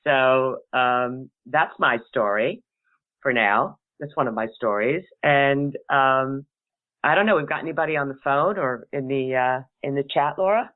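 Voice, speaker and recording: A woman's voice: a bass voice, a little slow, phone-quality sound. Middle-aged lady host telling a funny story, laughy and chatty, sounds like over a phone. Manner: chatty, laughs between sentences. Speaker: talk show host. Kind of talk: casual storytelling on a call-in show.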